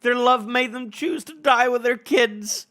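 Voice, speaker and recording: Man reading cruel male villain, sneering, gloating, high voice, bright tone. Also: unhurried, full character voice. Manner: sneering, relishing others' doom.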